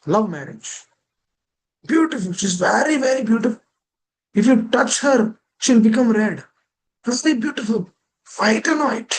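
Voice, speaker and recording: A man's voice: very high voice, animated, a little slow, long pauses, a little hiss or hum, low-quality recording. A man gives a devotional scripture class over a video call. He keeps asking rhetorical questions and linking ideas with "that means.".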